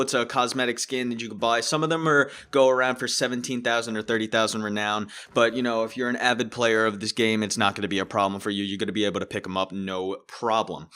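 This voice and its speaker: A man's voice: on the low side, bright, forceful tone, clean tone. A man hosting his own gaming channel, chatting casually about a game update with loose phrasing, fillers and restarts.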